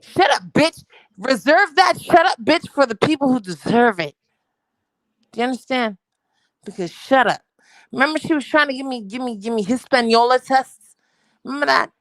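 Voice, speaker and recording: A woman's voice: high-pitched, animated, normal speed, long pauses, fairly bright tone, dry recording. A woman from New York, a guest on a livestream, talking brashly and profanely in rambling bursts. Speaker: stream guest. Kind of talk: casual stream chat.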